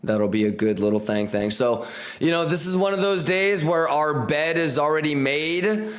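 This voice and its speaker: A man's voice: on the high side, lively intonation, moderate pace. A man hosting a live trading stream, hyped and slangy, repeating catchphrases and talking straight to his viewers.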